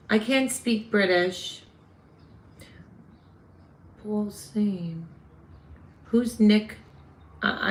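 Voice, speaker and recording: A woman's voice: medium pitch, fairly bright tone. A woman with a New York accent hosting a casual livestream, chatting with viewers and answering their comments. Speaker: livestream host.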